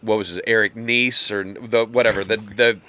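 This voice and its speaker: A man co-hosting a podcast in casual chat, rambling and swearing, often breaking into loud laughter. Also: on the low side, steady tone, normal speed, no echo. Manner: rambling, profane, laughs loudly. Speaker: podcast co-host.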